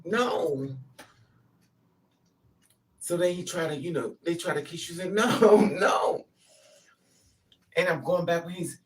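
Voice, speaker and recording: A person telling a personal story in a casual monologue, blunt and animated, swearing freely and breaking into loud, emphatic bursts. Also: medium pitch, far from the mic.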